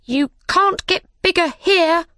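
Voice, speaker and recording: A woman doing a squeaky little mouse. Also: slow pace, pushed and bright, no room sound, studio quality, heavily acted. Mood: prim. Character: small, sleepy, prim male mouse.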